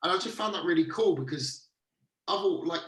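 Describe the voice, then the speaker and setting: A man's voice: high voice, fairly quick, far from the mic. Man talking off-mic in a roomy space. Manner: swearing, laid-back, chatty. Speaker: podcast co-host. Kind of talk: casual chat. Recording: roomy echo, speaking from off-mic.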